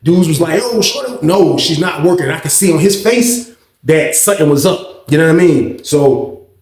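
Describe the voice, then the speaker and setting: A man vlogger telling a personal story in casual, profane talk, animated and acting out the other voices. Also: fairly high pitch, normal speed. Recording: roomy echo.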